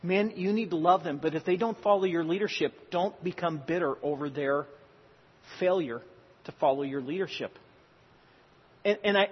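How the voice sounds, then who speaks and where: Husky high-voiced man preaching in a hall. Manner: earnest, exhorting, with joking asides. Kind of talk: sermon. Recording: reverberant hall, dull lo-fi sound.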